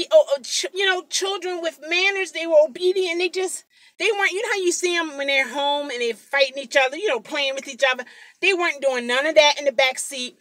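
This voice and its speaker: A woman's voice: high voice, dry recording. A woman rideshare driver chatting casually on a live stream from her car into a phone, telling stories with lots of exclamations. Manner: chatty, animated storytelling with frequent exclamations. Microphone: phone mic.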